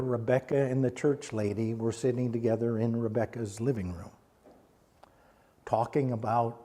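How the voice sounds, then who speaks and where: A middle-aged man preaching a storytelling sermon in a church sanctuary, dropping to a hushed voice at solemn moments. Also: medium pitch, husky. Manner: hushes to a near-quiet voice at solemn points. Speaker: pastor.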